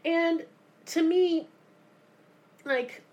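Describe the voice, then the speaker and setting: A woman narrates a true crime case in casual podcast chat. Her delivery is animated and sarcastic, full of mocking asides. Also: extremely high pitch, extremely slow. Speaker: podcast co-host telling a true crime story.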